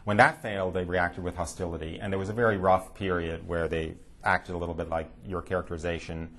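A man speaking at a talk, telling a personal story in a hesitant way with many fillers and lively quoted voices. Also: low voice, fairly quick. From United States.

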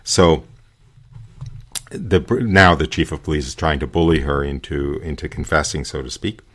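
Deep-voiced man reading with side comments. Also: fairly even intonation, a bit bright. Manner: digressive, with frequent pauses and fillers. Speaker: radio show host. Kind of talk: reading aloud and commenting on a religious account.

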